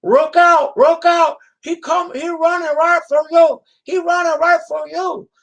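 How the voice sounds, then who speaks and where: A man voicing a frantic male food delivery man with a Chinese accent, shouting warnings in a high, strained voice. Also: little pitch movement, a little slow, heavily acted. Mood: alarmed.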